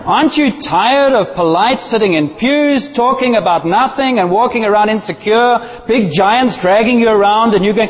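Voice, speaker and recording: A man preaching a sermon in a church, passionate and animated, with playful asides to the congregation. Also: high voice, moderate pace, slightly rough, in a large hall, dull audio. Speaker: pastor.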